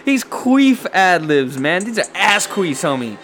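A man chatting casually and profanely as he reacts to music, excitable and rambling. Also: sits high, measured pace. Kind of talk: casual chat.

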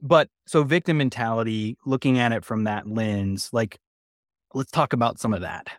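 A man's voice: mid-range voice, moderate pace, no room sound, clean studio sound. A man hosting a podcast, upbeat and chatty, often restarting his sentences as he talks. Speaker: podcast host. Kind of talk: conversational interview.

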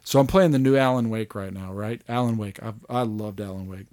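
A man co-hosting a podcast in casual chat, retelling scenes with sudden jumps into loud, high voices and casual swearing. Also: fairly quick, dry recording, studio quality. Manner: animated storyteller, acts out scenes with big pitch jumps, swears. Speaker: podcast co-host.

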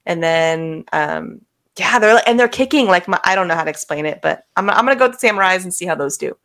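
A woman co-hosting a casual podcast on a video call, talking quickly with frequent giggles and self-deprecating remarks. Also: lowish voice, lively intonation, fairly bright tone. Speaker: podcast co-host. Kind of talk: casual chat. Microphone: remote video call.

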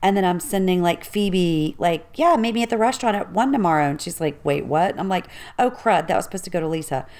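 A woman with a fairly low voice talks casually with a co-host. She chats along easily and reacts openly with interjections. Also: animated, a little fast, hardly any pauses, darkish tone. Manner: chatty, reacts with gasps and interjections. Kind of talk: casual chat.

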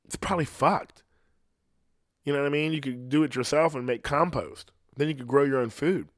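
Man, mid pitch, casual profane rant; dry, close sound. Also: moderate pace, no room sound. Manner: ranting, profane, rambling with frequent "you know what I mean". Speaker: podcast host.

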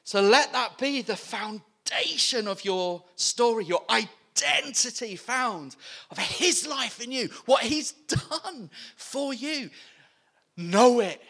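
A British man delivering a sermon with a high, bright, ringing voice. He preaches at an unhurried pace, ranging between hushed whispers and impassioned near-shouts. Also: lively intonation, gravelly.

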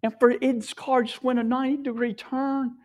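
A tearful man sharing an emotional personal testimony, often dropping his voice to a hushed whisper. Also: very high-pitched, little pitch movement, moderate pace.

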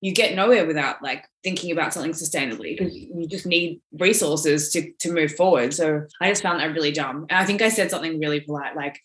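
A woman's voice: low voice, quick pace, few pauses. A woman in her thirties, a podcast guest, talking casually in a rambling way with lots of "like". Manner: rambling, frequent "like", restarts. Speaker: guest, exhibition organiser. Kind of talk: casual chat.

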